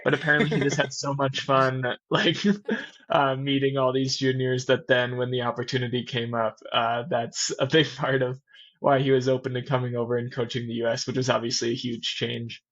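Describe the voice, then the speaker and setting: A man co-hosting a podcast, telling an anecdote in a relaxed way, chuckling. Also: mid-range voice, fairly quick, highs cut off. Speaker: podcast co-host, ski mountaineer. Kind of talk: casual podcast chat.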